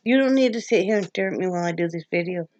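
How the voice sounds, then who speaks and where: An older woman from Wyoming, vlogging in casual, rambling chat to her viewers, emotional and quick to laugh. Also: mid-range voice, vocal fry, darkish tone, dry recording, lo-fi sound. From Wyoming, USA.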